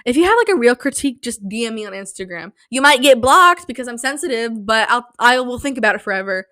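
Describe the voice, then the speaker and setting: A young woman talks into a close studio mic in a dry little room, running her own podcast. Her voice sits a bit high. She is hyper and rambling, poking fun at herself, sleep-deprived and slap-happy, and her throat is a little sore from yelling. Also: very animated, quick pace, no echo. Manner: hyper, rambling, self-mocking. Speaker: podcast host. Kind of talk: casual solo podcast chat. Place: small home studio.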